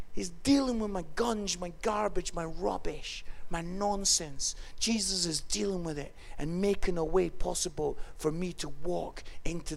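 A Scottish man preaching a sermon and telling stories, moving from hushed tones to loud exclamations. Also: high-pitched. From Scotland. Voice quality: gravelly, swings from hushed to shouting. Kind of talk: sermon with personal storytelling.

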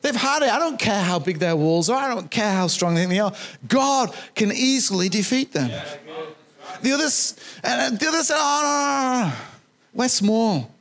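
A man's voice: high-pitched, expressive, moderate pace, fairly bright tone. A man preaching a sermon in a conversational way, repeating key phrases for emphasis. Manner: jokes with the congregation.

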